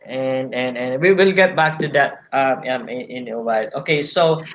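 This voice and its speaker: A man hosting a casual live video call, mixing English and Tagalog with many fillers and pauses. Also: mid-range voice, dull audio, slight background noise. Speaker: host. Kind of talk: casual live-stream chat.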